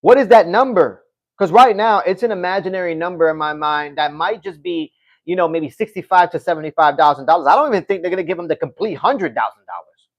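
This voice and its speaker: Guy with a high voice doing a livestream, reads chat, gets animated, swears some. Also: fast talker, lo-fi sound. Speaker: livestream host. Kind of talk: casual livestream chat reading comments.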